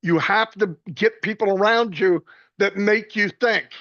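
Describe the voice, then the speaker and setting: High-voiced man telling joking stories. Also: a bit bright, no room sound. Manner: rambling, joking, quick restarts. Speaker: speaker at a celebration. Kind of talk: casual storytelling tribute. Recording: dull dry lo-fi sound.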